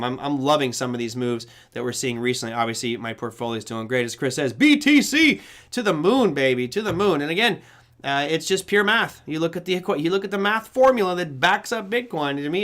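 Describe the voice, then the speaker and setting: A man's voice: on the high side, fast talker, a bit bright. A man hosting a live trading show, giving rambling market commentary, correcting himself often and acting out the voices he quotes.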